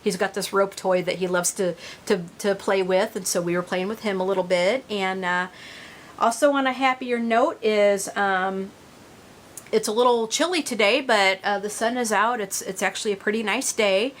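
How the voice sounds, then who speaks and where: A middle-aged woman talks casually to her viewers, wandering from thought to thought with plenty of ums and restarts. Her voice sits at an ordinary middle pitch. A faint low rumble hums underneath the recording. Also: normal speed. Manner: rambling, many fillers and restarts. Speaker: reborn doll vlogger.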